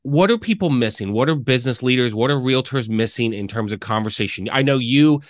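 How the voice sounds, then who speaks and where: A man's voice: mid-range voice, brisk, no echo. A man hosting a podcast, earnestly reacting to his guest and asking questions. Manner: earnest, affirming, asks questions. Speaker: podcast host, realtor coach. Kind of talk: podcast interview.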